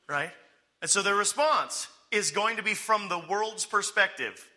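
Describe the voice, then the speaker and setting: Fairly high-pitched and bright, with big swings in pitch and a forceful edge, this American preacher talks at a normal speed. He walks through a Bible passage conversationally, checking in with "okay?" and sarcastically acting out the figures he quotes.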